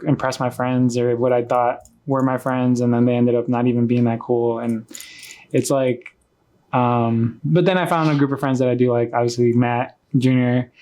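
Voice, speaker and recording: A man hosting a casual interview chat, rambling and halting with many fillers. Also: medium pitch, fairly even intonation, a little mellow. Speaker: host.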